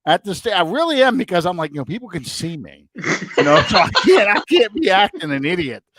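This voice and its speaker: Animated, excitable man talking sports. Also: high-pitched, a little fast, no room sound. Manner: excitable, rambling, animated storyteller. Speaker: podcast co-host. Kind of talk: casual sports chat. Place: home, room with a TV.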